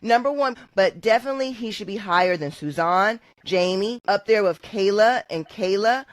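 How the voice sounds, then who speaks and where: Lively country-accented woman podcaster. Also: medium pitch, moderate pace, dry recording. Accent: Southern US country. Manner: animated, chatty and opinionated. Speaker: podcast co-host. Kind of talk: casual podcast chat.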